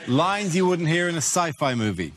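A British man hosting a comedy panel show, announcing each topic in a brisk, matter-of-fact way. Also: on the high side, sing-song, music in the background. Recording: studio audience noise.

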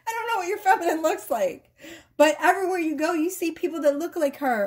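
Woman, tarot reader, casual chat, giggly, sassy, playful, high voice. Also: expressive, fairly quick.

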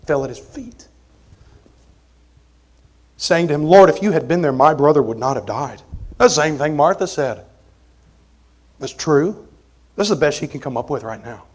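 A man preaching an expository sermon as pastor, conversational, moving between forceful emphasis and quiet asides. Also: a little high, lively intonation, normal speed, pauses often. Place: church sanctuary.

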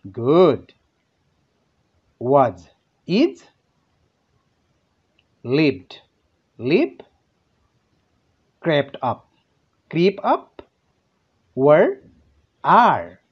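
A man with a Nepali accent teaching an English lesson, speaking slowly and deliberately, asking his pupils questions and answering them himself. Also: a little high, darkish tone, breathy edge. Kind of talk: classroom lesson narration. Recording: dull lo-fi home recording.

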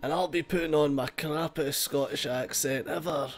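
A man's voice: a little high, fairly even intonation, normal speed, hardly any pauses, soft background music. A young man casually commentating his own strategy game play, chatty and self-deprecating, with the odd swear word. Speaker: let's play host.

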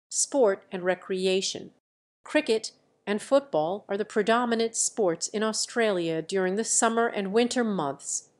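A woman giving scripted encyclopedic narration, reading list-like facts in a steady, measured way. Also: mid-range voice.

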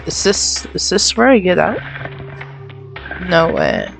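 A woman narrates her video game playthrough in a chatty, giggly way, often mocking herself. She talks at an unhurried pace. Faint game music plays behind her. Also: lowish voice, huge pitch swings, gravelly. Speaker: gamer playing through a game. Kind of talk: let's-play commentary.

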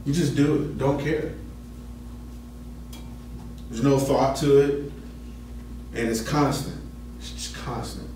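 A man's voice: medium pitch, takes it slowly, long pauses, dark tone, slight background noise. A man teaching a Bible study lesson in a conversational way, asking his class questions as he explains. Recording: echoey room, mic at a distance.

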